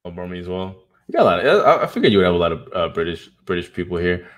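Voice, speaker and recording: A man chatting as a guest on a livestream, animated and joking, often tossing in the word "man.". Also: low-pitched, very fast. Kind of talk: casual chat on a livestream.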